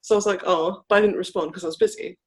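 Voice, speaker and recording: Speaking very fast with a breathy edge, this podcast co-host has a medium-pitched, steady voice. In casual chat she rambles through a personal story, acting out quoted lines and saying "like" constantly.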